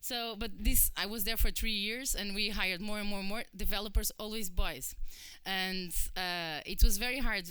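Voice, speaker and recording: A woman's voice: mid-range voice, moderate pace, smooth, no room sound. A woman in her thirties from Portugal with a Portuguese accent, giving a chatty conference talk and acting out quoted voices. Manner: chatty, animated, acts out quoted voices, many fillers. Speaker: conference speaker. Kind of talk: personal talk to an audience.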